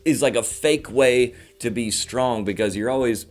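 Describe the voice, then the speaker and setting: Brief: male comic in his thirties, fast animated monologue to camera, faint music underneath. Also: medium pitch. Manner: rapid, animated rants with mock voices. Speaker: comedian host.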